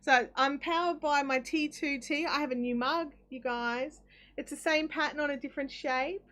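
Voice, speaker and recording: A woman's voice: high voice, moderate pace, fairly bright tone. An Australian woman hosting a live craft stream from her home desk, chatting casually, reading viewer comments aloud and rambling with ums and restarts. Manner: chatty and rambling, with frequent ums and self-corrections.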